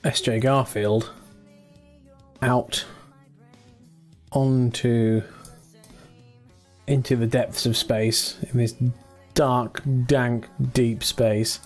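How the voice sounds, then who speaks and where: A relaxed man casually commentating his own space game, chatty with mild swearing, into a desk mic at his computer. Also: medium pitch, drawn-out words, long pauses, soft background music. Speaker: gaming channel host.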